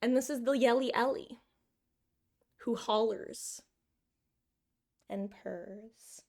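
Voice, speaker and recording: A woman's voice: on the high side, slow pace, gravelly, a little mellow. A woman streamer chatting casually with her viewers and cooing over her cat in a baby-talk voice. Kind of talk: casual live-stream chat.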